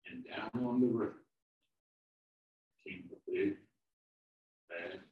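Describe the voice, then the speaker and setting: A man telling a children's story in a sermon, slow and animated. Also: on the low side, phone-quality sound. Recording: roomy, from far off.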